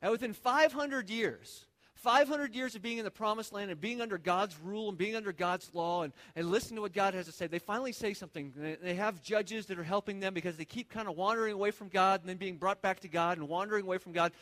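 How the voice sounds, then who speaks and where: A man's voice: high voice, fast, a bit bright. A man preaching a casual, conversational sermon in a church, talking informally and often repeating words as he thinks aloud. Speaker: pastor. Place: church sanctuary. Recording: long reverb of a large hall.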